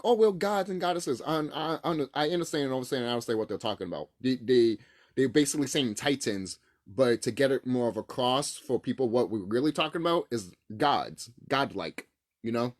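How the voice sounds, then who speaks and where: A man rants to his camera in a loose, profane, emphatic way, his pitch jumping around a lot. The sound is dry and close, with no room around it. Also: a little mellow, dry recording. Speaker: vlogger. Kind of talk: casual spiritual rant to camera.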